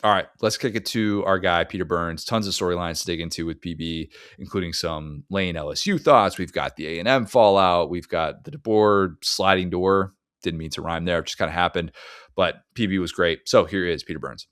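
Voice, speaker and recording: A man hosting a sports podcast, speaking at a deliberate, measured pace in casual chat. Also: sits low, fairly bright tone, no echo, studio quality. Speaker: podcast host.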